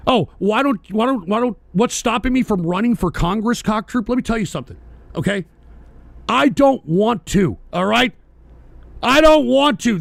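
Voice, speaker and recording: A male radio host rants with fury, swearing freely and often breaking into shouts. His voice sits very high for a man and carries a gravelly rasp. The recording is dry and close, with no room echo. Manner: profane, ranting, often shouting. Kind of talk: angry political rant.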